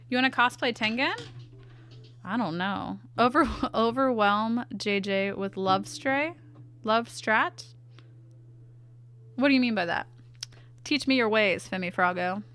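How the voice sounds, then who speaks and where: Young woman artist streamer, playful and chatty, raised pitch, sharp bright tone, soft music behind. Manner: playful, chatty, reacts to chat aloud. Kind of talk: casual livestream chat while drawing.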